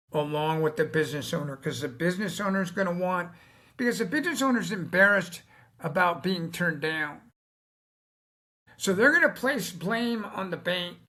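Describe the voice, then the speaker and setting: Brief: tired, folksy male business-advice vlogger, high and bright voice, plain-spoken. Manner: folksy, acts out quotes of bankers and clients; plain-spoken, mild cursing. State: tired, yawning. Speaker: business funding company founder. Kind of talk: casual advice video monologue.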